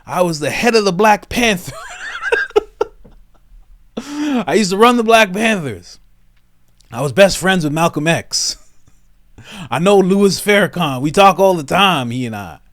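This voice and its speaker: A man's voice: high voice, sing-song, a little slow, pauses often, fairly bright tone, dry recording, clean studio sound, pitched above the performer's own voice, full character voice. A man impersonating a boastful, rambling old politician.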